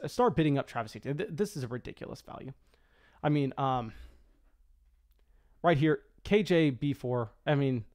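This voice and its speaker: Excitable man with restarts, commentating a draft. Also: medium pitch. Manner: quick, excitable, frequent stammered restarts. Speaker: fantasy football streamer.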